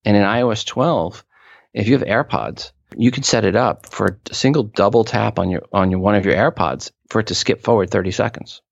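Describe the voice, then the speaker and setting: A low, gravelly man speaks as an interview guest, explaining his points with emphasis and quick asides. The sound is a touch dull and lo-fi. It is dry, with no room echo. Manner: emphatic, quick asides, repeats words when restarting. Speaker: podcast industry expert guest. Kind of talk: conversational interview answers.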